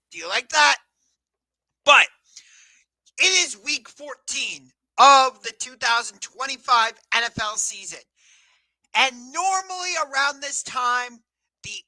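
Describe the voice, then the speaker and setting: A man from the Cleveland area hosting a live sports talk show, chatty and energetic, sometimes correcting himself mid-sentence. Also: extremely high pitch, no echo, poor audio. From Cleveland area, USA.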